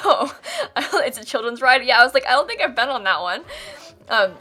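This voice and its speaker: A woman's voice: fairly high pitch, lively intonation, moderate pace, bright, forceful tone. A young woman from Florida with a General American accent, chatting casually with viewers on a live stream, giggling often and filling with ums and likes. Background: faint music.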